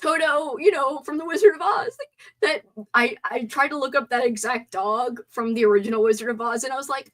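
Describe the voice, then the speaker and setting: A young woman with a high-sitting voice hosts a casual livestream about movies, speaking briskly. She's animated, swearing and gasping as she reads chat comments aloud.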